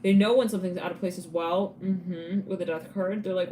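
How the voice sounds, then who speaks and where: A woman giving a live tarot reading in a chatty, casual way, laughing often and breaking into quick asides. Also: mid-range voice, mellow, slight background noise. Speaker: tarot reader.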